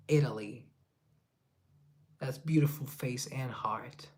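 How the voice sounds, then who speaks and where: A young man from Colombia chatting casually on a live stream, reading viewer comments and rambling in a self-deprecating way. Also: mid-range voice. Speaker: livestreamer and musician.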